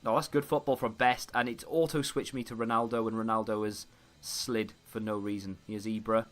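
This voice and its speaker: A man's voice: lowish voice, level tone, moderate pace. A man giving running commentary over his own football video game match, frustrated and self-deprecating. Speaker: gaming YouTuber. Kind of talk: live gameplay commentary.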